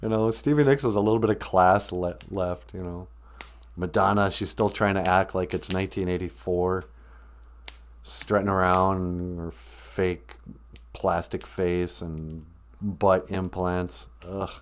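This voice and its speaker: A man's voice: deep voice, steady tone, unhurried. A man hosting a comedy live stream, who talks in a blunt, sarcastic, ranting way. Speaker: show host.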